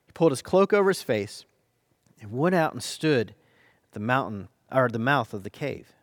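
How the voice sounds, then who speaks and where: An American man, a pastor, delivering a sermon with earnest, dynamic emphasis, slowing down to stress key phrases. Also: medium pitch, dry recording, clean studio sound.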